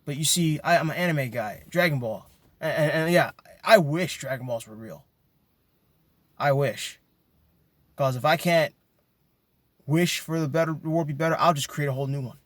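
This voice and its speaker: Man ranting emphatically, slightly high voice. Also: normal speed, long pauses, dry recording. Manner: emphatic, ranting, repeats words when worked up. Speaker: video commentator. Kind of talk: impassioned monologue.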